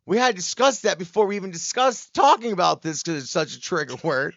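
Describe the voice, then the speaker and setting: Man, casual podcast chat, lively swooping pitch, slightly high, dry dull sound. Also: brisk, creaky, dry recording. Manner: animated, jumps into high squealing impressions. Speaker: podcast co-host.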